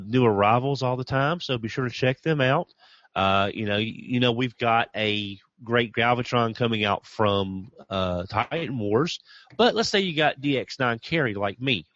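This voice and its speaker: A man's voice: mid-range voice, normal speed, fairly bright tone, dry recording, highs cut off. A man co-hosting a casual chat about toy collecting, rambling with restarts and dropping in sponsor plugs. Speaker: podcast co-host.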